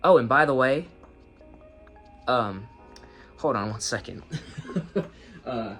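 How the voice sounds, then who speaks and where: Guy reviewing an anime, chatty and rambling, slangy, bursts of high laughter, mid pitch, faint music behind. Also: expressive, takes it slowly, a bit bright. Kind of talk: casual video review.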